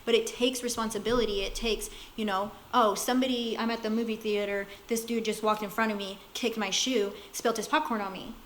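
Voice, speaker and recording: A woman talks in a relaxed, reflective way in casual conversation. Her voice sits a little high. A faint hiss runs underneath. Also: fairly quick, hardly any pauses, poor audio. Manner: reflective, talks about staying calm, with fillers. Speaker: guest. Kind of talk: casual chat.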